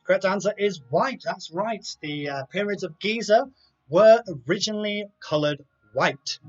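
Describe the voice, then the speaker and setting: High-voiced man hosting a live quiz. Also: moderate pace. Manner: reads multiple-choice options with chatty asides. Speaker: quiz host. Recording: dull lo-fi sound with faint music.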